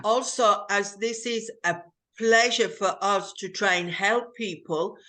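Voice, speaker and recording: A woman from England, a teacher chatting slowly and carefully over a video call. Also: medium pitch, steady tone, pushed and bright. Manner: slow, careful, explanatory. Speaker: English teacher, host. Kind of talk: casual conversation on a video call.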